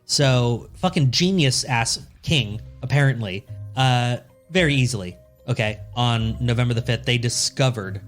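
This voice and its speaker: With soft music in the background, a podcast co-host with a mid-range voice spins a history story at an unhurried pace. He keeps it casual and jokey, with plenty of swearing.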